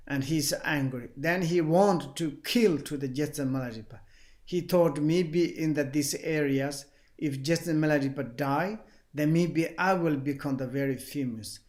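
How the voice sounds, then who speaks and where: Man teaching dharma in halting English. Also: on the high side, a little mellow. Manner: halting non-native English, frequent "like, kind of". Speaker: Buddhist teacher. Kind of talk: dharma teaching, retelling a story.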